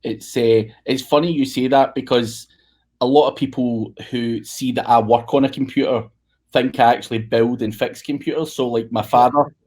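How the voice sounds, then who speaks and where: A man's voice: mid-range voice, steady tone, moderate pace, a little mellow. Chatty, joking podcast host man. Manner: chatty, joking, swears casually. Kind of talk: casual podcast chat.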